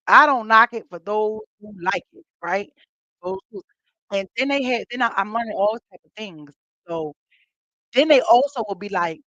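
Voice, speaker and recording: Lively woman telling a story, laughing. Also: on the high side, no room sound. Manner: animated, laughing, acts out quotes. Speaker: podcast host. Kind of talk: casual storytelling to listeners. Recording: dull muffled dry sound.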